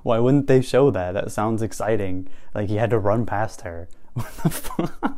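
A man's voice: on the low side, moderate pace, warm tone. A man hosting a reaction commentary from home, sarcastic and profane and laughing often. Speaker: commentary host.

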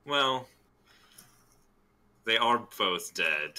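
A low-voiced man playing a tabletop game, speaking casually and hesitantly. His tone is very bright and edgy despite the low pitch. He pauses often with fillers while he works out what to say. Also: animated. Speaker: player. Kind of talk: casual tabletop role-play.

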